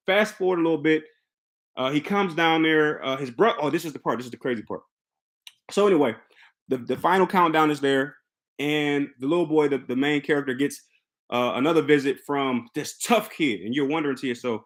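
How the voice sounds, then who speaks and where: A young man casually recapping a movie plot for his channel. He tells it as an excitable story, restarts his sentences and acts out the characters' lines. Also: medium pitch. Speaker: film reviewer recapping a movie.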